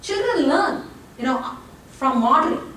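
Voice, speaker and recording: A woman giving a lively workshop talk as a college lecturer. She speaks straight to her audience and makes joking asides. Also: high voice, measured pace. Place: presentation room with an audience. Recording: roomy, distant, faint background noise.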